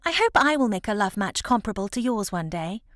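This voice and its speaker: A woman's voice: medium pitch, sing-song, fairly quick, fairly bright tone, dry recording, studio quality. Selina, a chatty cheerful young lady, read by a woman.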